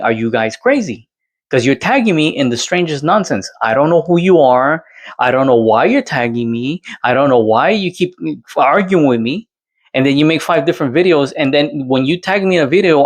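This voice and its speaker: A man hosting his own channel, ranting to camera in a casual, exasperated way and firing off rhetorical questions. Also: mid-range voice. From Latin America. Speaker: channel host responding to another creator.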